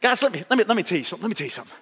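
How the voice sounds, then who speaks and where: A middle-aged man preaching a sermon, emphatic and repetitive, at times shouting his points. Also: sits high, very animated, rapid-fire, breathy edge. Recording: long reverb of a large church hall.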